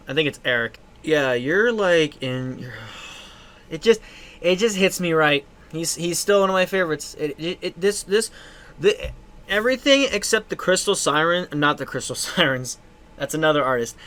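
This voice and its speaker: A host reacting to electronic music tracks in casual commentary, gushing and rambling with restarts and the odd swear word. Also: medium pitch. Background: loud electronic music playing.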